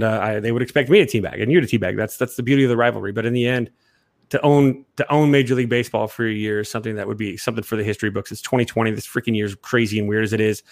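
A young man co-hosting a casual sports chat, rambling and jokey, quick to laugh. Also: fairly low pitch, dry recording. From Chicago area. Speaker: sports podcast co-host.

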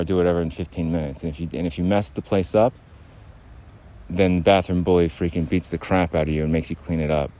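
A man hosts a solo podcast, rambling, restarting his sentences, and laughing at himself. His voice sits low and sounds mellow.

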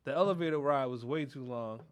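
A man co-hosting a podcast, telling stories in a loud, animated, profane way and laughing often. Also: mid-range voice, fairly quick. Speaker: podcast co-host. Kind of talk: casual chat.

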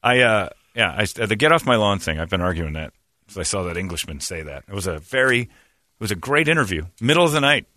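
A man's voice: fairly low pitch, expressive, fast talker, sharp tone, no room sound, studio quality. A man hosting a casual chat, rambling and joking, laughing often at his own bits.

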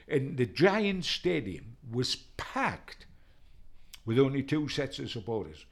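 A man's voice: medium pitch, slow, vocal fry. Older man telling football anecdotes. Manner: rambling, animated, mimics the people he quotes. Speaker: retired football journalist telling stories. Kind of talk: anecdotal storytelling.

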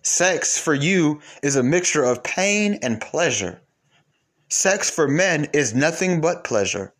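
A man giving a preachy monologue to his viewers, emphatic, swinging between loud and low. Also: expressive, slow pace.

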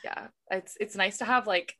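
A woman's voice: medium pitch, moderate pace, pushed and bright. A young woman who hosts the podcast, chatting and teasing playfully and laughing along with her friends. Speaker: podcast host. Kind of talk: casual chat.

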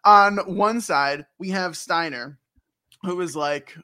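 A man's voice: sits high, slow pace, pushed and bright, clean tone. A young man who co-hosts a casual podcast, rambling and joking with frequent laughs. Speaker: podcast co-host recapping a game. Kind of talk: casual chat.

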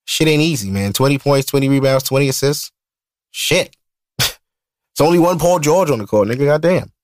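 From Brooklyn, New York, this man in his thirties hosts a podcast with a Brooklyn accent, his medium-pitched voice expressive at a moderate pace. He swears freely and rambles through loose storytelling, recorded on a studio mic with no echo.

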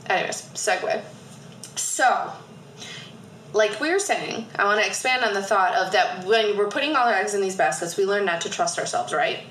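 A lively woman in her thirties co-hosts a casual chat, swearing freely and laughing as she tells stories. Her voice is bright and forceful, and the room around her sounds echoey with a faint hiss. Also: mid-range voice, normal speed. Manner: animated, swearing, laughing often, acting out past selves. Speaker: podcast co-host.

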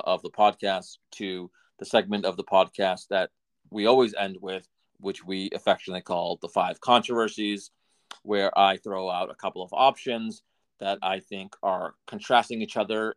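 A man hosting a podcast in casual chat, dry and wry, leaning on fillers as he introduces a segment. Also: sits low. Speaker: podcast host.

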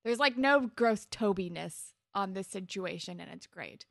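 A woman's voice: mid-range voice, lively intonation, measured pace, vocal fry, no echo, studio quality. A woman co-hosting a podcast, retelling a TV episode in a rambling, casual way full of "like". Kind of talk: casual TV recap chat.

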